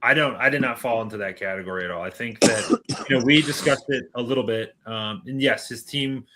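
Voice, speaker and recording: A man's voice: mid-range voice, a little fast, heavy background noise. A man co-hosting a sports podcast, arguing his takes emphatically and repeating points for punch. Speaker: podcast co-host. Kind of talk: casual sports chat.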